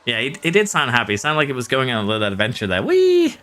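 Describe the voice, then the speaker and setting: A man's voice: medium pitch, lively intonation, racing, sharp tone. A Norwegian man, a streamer, chatting casually with his live audience while playing, answering chat and chuckling often. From Norway.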